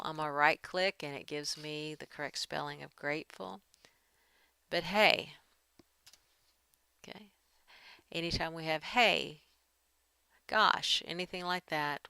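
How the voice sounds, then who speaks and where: A woman's voice: sits low, bright, forceful tone, clean tone, no echo. A woman giving a writing lesson, talking through edits as she works and reading draft passages aloud. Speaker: writing teacher. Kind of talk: screen-share editing lesson.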